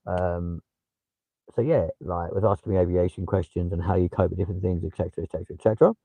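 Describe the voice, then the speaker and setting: A man's voice: sits low, fairly even intonation, fast, dark tone, husky, no room sound, rough recording. A young man with a London accent chatting casually on a livestream, swearing freely and replying to viewers. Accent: London English. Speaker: livestream host.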